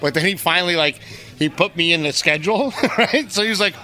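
A man's voice: fairly high pitch, racing, pushed and bright. A man co-hosting a podcast, talking in a brash, profane, teasing way. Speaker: podcast co-host. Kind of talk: casual chat.

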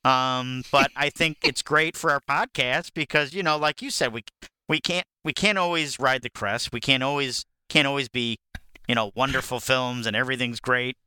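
A man co-hosting a casual movie podcast, agreeable and quick to affirm, with stumbling starts. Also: mid-range voice, bright, forceful tone, clean tone, no echo. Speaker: podcast co-host, movie reviewer. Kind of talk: casual chat.

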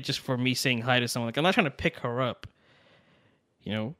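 A young man in casual podcast chat, spinning a story with lively energy and acting out each person's lines. His voice sits at a middle pitch. The sound is dry and close, with no room around it. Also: a little fast, no room sound. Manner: animated, acts out quotes with swearing and laughs. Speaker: podcast co-host.

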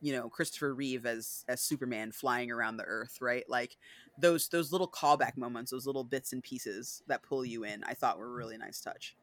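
Bright-voiced woman, animated podcast chat. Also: extremely low pitch, moderate pace, dry recording. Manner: animated, many fillers, acts out scenes. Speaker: podcast host.

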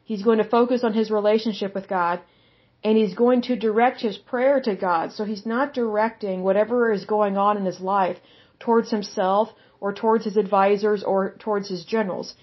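A woman's voice: mid-range voice, fairly even intonation, moderate pace, muffled recording. Blunt, outspoken woman teaching the Bible.

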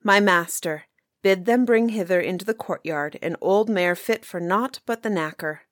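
A woman's voice: fairly low pitch, moderate pace, no echo, studio quality, close to an everyday voice. A woman reading the lines of a loyal male huntsman servant in earnest, formal old-fashioned speech.

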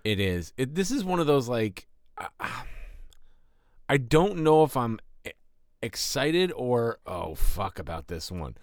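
A man co-hosting a casual podcast, jokey and profane, telling animated stories about movies. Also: mid-range voice, a little slow, no room sound, studio quality. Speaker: podcast co-host. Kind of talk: casual chat.

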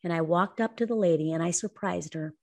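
A woman co-hosting a talk show, telling a personal story in an earnest, lively way. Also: fairly low pitch, fairly quick, creaky. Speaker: co-host. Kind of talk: casual podcast talk.

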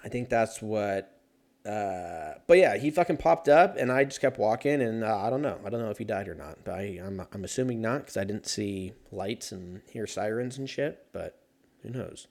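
A man's voice: fairly low pitch, animated, moderate pace, vocal fry, darkish tone. Rambling, profane man chatting solo. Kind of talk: casual solo chat.

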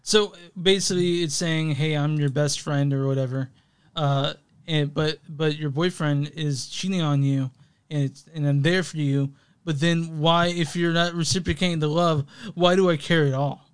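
Man, podcast co-host, casual chat, rambling, laughs often, higher pitch. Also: fairly even intonation, moderate pace, clear, resonant tone. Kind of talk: casual chat about music.

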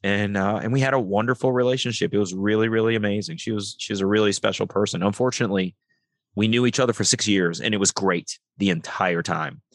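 Middle-aged male guest, low voice, dry close sound, animated storyteller who plays out each line of dialogue. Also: fast, no echo. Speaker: podcast guest. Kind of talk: storytelling interview.

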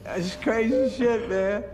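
A woman putting on a loud, swaggering, foul-mouthed male chop shop owner who mocks and scolds. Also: medium pitch, in a large hall, heavy background noise, voice pushed up.

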